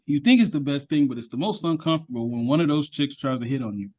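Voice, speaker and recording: A man in his thirties, a podcast co-host, telling animated stories in casual chat and acting out the voices of people he quotes. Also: a little high, fast. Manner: animated storyteller who acts out quoted voices.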